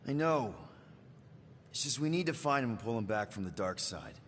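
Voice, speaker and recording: A man's voice: medium pitch, expressive, normal speed, a little hiss or hum, close to an everyday voice. An actor voicing an earnest, insistent male team leader in a video game, loyal to his friends.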